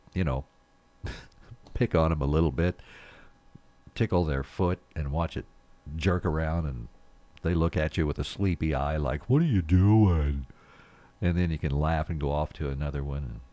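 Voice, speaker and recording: Chuckling low-voiced folksy radio host. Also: male voice, a little mellow. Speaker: radio morning show host. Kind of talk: casual radio chat. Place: radio studio.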